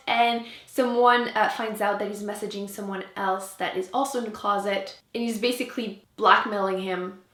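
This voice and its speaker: A woman's voice: on the high side, fairly bright tone. Chatty French Canadian woman, echoey room. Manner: chatty, many "like" fillers. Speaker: book vlogger. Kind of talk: casual book review.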